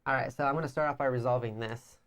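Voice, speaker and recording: A woman's voice: very deep voice, quick pace. A woman co-hosting a board game playthrough in casual chat, teasing her opponent and reasoning through each move aloud. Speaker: board game player and co-host.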